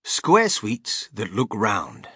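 An audiobook narrator reading a children's story in an expressive, animated way. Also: medium pitch, drawn-out words, slightly rough, dry recording, studio quality.

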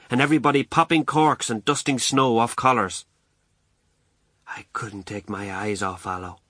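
A man reading a first-person novel aloud, telling it in a wry, lively, colloquial way. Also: medium pitch, no echo. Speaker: audiobook narrator.

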